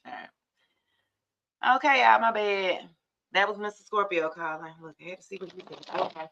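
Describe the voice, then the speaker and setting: A woman's voice: mid-range voice, normal speed, gravelly, noisy background. A woman hosting a casual live tarot reading, chatting straight to viewers and calling them y'all, on dull lo-fi stream audio.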